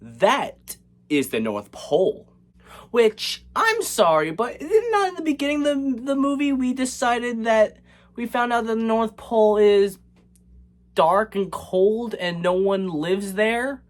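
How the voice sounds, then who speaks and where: A man's voice: very high-pitched, lively intonation, a little slow. A man recapping a movie in a casual, comedic way, sarcastic and rambling, with many fillers and restarts. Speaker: movie reviewer.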